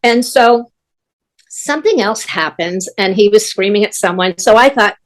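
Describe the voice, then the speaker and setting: A woman's voice: mid-range voice, moderate pace. An older woman, a guest who works as a stage manager, telling backstage stories in casual chat and acting out what other people said. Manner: animated, acts out other people's lines. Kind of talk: anecdotal storytelling in casual chat.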